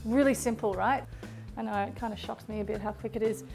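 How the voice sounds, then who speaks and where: A woman's voice: fairly high pitch, steady tone, quick pace, vocal fry. A woman hosting a casual cooking demonstration in her kitchen, chatty and gushing as she exclaims over the food. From Australia. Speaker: cooking show host, chef. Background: music and sizzling food.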